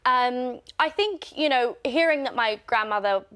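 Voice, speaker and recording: A young adult woman chatting as a guest on a TV studio sofa, earnest and reflective, with halting pauses. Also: on the high side, animated, bright, forceful tone, clean tone. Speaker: guest author. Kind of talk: casual interview chat.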